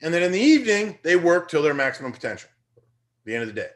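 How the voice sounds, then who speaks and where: Young male teacher, slightly high-pitched, energetic, conversational motivational lecture. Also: quick pace. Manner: energetic, conversational, rising to emphatic bursts.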